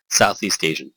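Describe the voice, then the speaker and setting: A man hosting a let's play and joking through a visual novel, often correcting himself. His voice is fairly low, with a lively pitch and a bright tone. He laughs often. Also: creaky, husky, no room sound, rough recording. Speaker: host.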